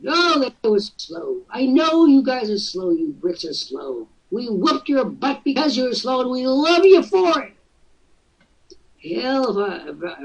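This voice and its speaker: A man's voice: very high voice, husky, distant mic, low-quality recording. A male host giving casual coaching talk, jokey and teasing, slipping into mock voices.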